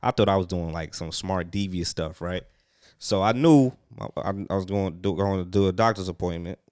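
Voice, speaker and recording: A man's voice: low voice, brisk. A young man co-hosting a casual talk show, telling stories with bursts of laughter and slang-filled banter. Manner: animated storytelling with bursts of laughter. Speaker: podcast co-host.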